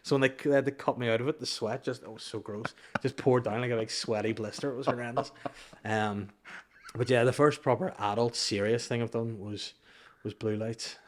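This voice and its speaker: A man's voice: medium pitch, steady tone, fairly quick. A young adult man, an actor, chatting casually on a podcast with a joking, rambling manner and frequent restarts. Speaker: actor guest.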